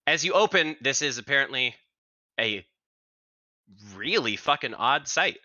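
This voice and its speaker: A man narrating as game master in an animated, descriptive way. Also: medium pitch, a little slow, dry recording, highs cut off.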